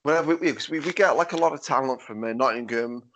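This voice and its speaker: He's a jokey podcast host with a Stoke accent who talks quickly in a medium-pitched, somewhat bright voice. The casual chat is full of laughter and restarted sentences.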